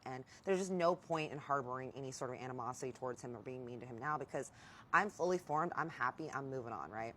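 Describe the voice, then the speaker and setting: A woman's voice: extremely low pitch, fast talker, slight background noise. A woman telling a story in casual vlog style, candid, swearing freely and addressing her viewers directly. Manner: animated when quoting herself. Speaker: storytime vlogger.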